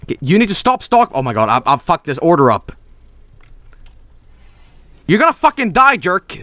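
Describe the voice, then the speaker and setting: A young man streaming a video game, excitable and swearing, often yelling at the characters on screen. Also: on the high side, fast, no echo. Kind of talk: gaming livestream commentary.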